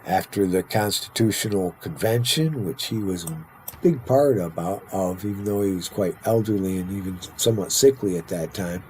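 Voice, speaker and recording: A tired, punch-drunk man narrates his strategy game in a chatty, playful way, now and then slipping into mock-grand roleplay. His voice is fairly low and mellow. A faint noise floor sits under the recording. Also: normal speed, poor audio. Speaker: gaming video host. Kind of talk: casual let's-play commentary.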